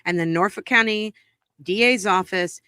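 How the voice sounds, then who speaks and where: A woman's voice: mid-range voice, moderate pace, bright, forceful tone, clear, resonant tone, dry recording, studio quality. A woman from Massachusetts co-hosting a podcast in casual chat, heated and indignant, swearing for emphasis. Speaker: podcast co-host.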